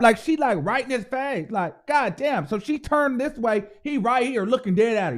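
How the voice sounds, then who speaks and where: With a very high voice at normal speed and few pauses, a man hosts his own show. His commentary is casual, animated and full of profanity, and he acts out the people he mentions.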